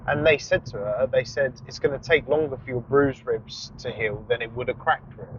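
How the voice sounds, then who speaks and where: A man's voice: medium pitch, moderate pace. A man co-hosting a podcast in casual, easygoing chat, swearing now and then, while driving a car. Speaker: podcast co-host. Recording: dull lo-fi recording with faint car noise.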